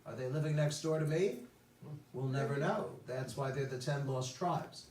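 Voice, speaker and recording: A man's voice: medium pitch, moderate pace, a little mellow. A man teaching a Bible class as a rabbi, telling the stories with wisecracks and chatty asides, in a temple room. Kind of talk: joking Bible lesson. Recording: roomy sound from a distance.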